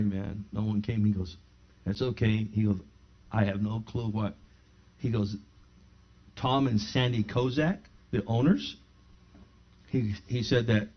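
A middle-aged man, a pastor, preaching and telling a personal testimony in his home, acting out both sides of a conversation. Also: mid-range voice. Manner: animated storyteller who acts out both sides of a dialogue. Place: his own home living room. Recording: slightly dull lo-fi sound.

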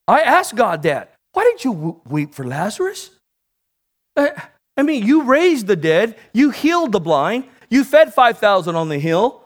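Animated high-pitched male preacher. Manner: call-and-response preaching, rising to shouts. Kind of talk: sermon.

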